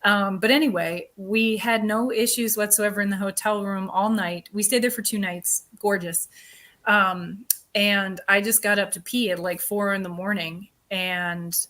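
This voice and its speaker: A woman speaking as an interview guest, telling a story in a chatty, animated way with lots of filler words. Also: mid-range voice, measured pace. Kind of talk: casual interview chat.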